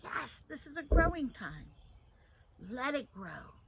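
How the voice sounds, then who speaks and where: A middle-aged woman giving an informal devotional talk into a phone. She is animated and repeats phrases for emphasis. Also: high voice, slow, vocal fry, heavy background noise. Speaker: devotional host.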